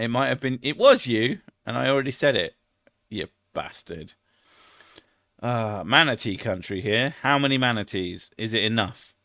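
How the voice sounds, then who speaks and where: A man's voice: medium pitch, a bit bright, no room sound, clean studio sound. British man rambling crudely on a stream. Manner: rambling, crude and swearing, quick to laugh. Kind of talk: casual live-stream chat.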